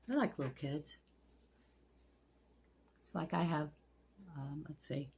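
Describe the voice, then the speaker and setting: Middle-aged woman, husky and gravelly, blunt and profane, casual vlog venting at home. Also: low-pitched, lively intonation, a little slow, pauses often, a little mellow. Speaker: vlogger. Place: at home among pet turtles.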